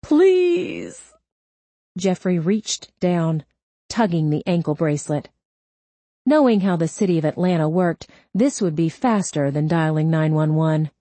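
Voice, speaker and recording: A woman narrating a crime novel audiobook in a measured, unhurried delivery. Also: low voice, warm tone, no echo.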